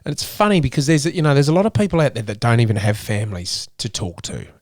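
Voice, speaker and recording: Speaking fast in a sing-song, medium-pitched voice with a slightly mellow tone, the Australian interviewee in his thirties opens up earnestly and emotionally, with plenty of restarts. There's no room sound, and the quality is studio grade.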